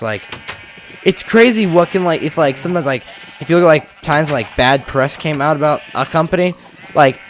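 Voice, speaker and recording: A man's voice: on the high side, a bit bright, slight background noise. A man chatting casually while playing a building game, rambling and filling his talk with "like". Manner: rambling, chatty, heavy use of "like". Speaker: gaming video host. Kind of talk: casual gameplay commentary.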